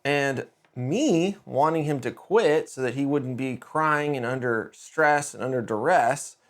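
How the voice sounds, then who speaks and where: A middle-aged man hosting a podcast, telling a story in a casual, conversational way with quick restarts and lively emphasis. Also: medium pitch. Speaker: podcast host.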